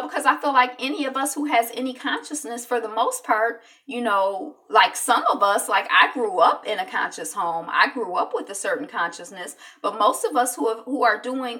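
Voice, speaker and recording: A woman hosting an online talk show, rambling and animated, with many restarts and quoted asides. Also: fairly high pitch, normal speed, few pauses, recorded from a distance. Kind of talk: casual opinion talk.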